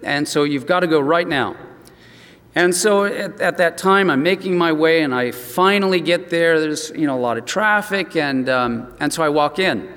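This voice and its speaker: A man's voice: on the high side, moderate pace, fairly bright tone. A man preaching a sermon as pastor, telling a personal story in an earnest way with frequent restarts. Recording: long reverb from a hall.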